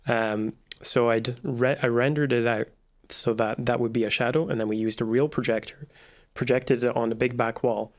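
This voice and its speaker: Rambling man, mid-pitched voice. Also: fairly even intonation, normal speed. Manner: rambling, restarts often, laughs while talking. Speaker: filmmaker guest. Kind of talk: casual chat.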